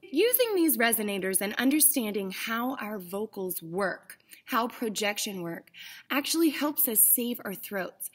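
A woman's voice: a little high, big pitch swings, a little slow. A young woman acting teacher leading a voice lesson for kids, encouraging and demonstrating breathing and projection exercises.

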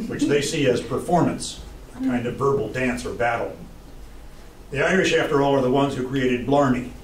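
A college professor gives a humorous public lecture, telling stories in a dry, wry way with a medium-pitched voice. It was recorded in an echoey lecture hall on a distant mic, with a little hiss or hum.

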